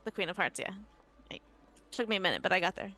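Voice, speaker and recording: A woman's voice: lowish voice, expressive, fast, pushed and bright, faint music behind. A woman running a tabletop game as game master, chatty and casual, with frequent laughing asides.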